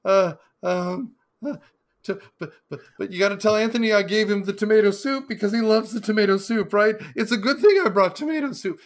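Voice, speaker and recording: A man's voice: high-pitched, pitched above the performer's own voice, close to an everyday voice. A man putting on a jittery shell-shocked milkman. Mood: nervous. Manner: stammering, anxious, rushed.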